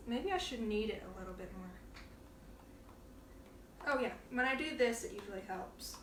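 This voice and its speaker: A woman hosts a relaxed cooking demonstration from her kitchen, chatting playfully and laughing as she works. Her voice sits a bit high and comes from some distance from the mic. The room is echoey, with a faint hum of ambience behind her. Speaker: cooking show host. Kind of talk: casual live cooking demonstration. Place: home kitchen. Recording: roomy kitchen sound, from off the mic.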